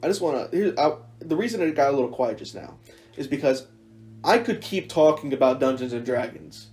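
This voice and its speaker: A man's voice: medium pitch, a little fast, soft background music. Rambling teenage guy chatting. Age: teens. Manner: rambling, animated, self-mocking. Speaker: podcast host. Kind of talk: casual chat.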